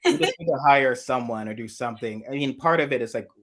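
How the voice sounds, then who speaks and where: A man co-hosting a political live chat, animated and chatty. He slips into quoted voices and laughs through his own stories. His voice sits at an ordinary middle pitch. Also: quick pace, crowd noise. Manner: animated storyteller, acts out quoted voices, laughs mid-sentence.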